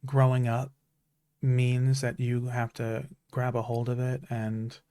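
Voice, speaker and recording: A man's voice: mid-range voice, monotone, takes it slowly, mellow, clear, resonant tone, no echo, studio quality. A man in his thirties, a streamer, talking in an earnest, heartfelt way about stories that matter to him, with many restarts. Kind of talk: casual chat.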